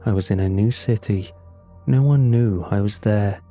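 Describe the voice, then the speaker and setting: A man narrating a first-person horror story in a slow, somber, scripted telling. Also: lowish voice, warm tone, soft background music.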